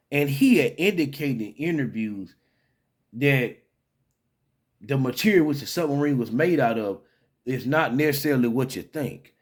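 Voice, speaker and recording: A man's voice: mid-range voice, a little mellow. A man giving casual, rambling commentary to his own channel, full of fillers and restarts, with an incredulous, head-shaking tone. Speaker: vlogger.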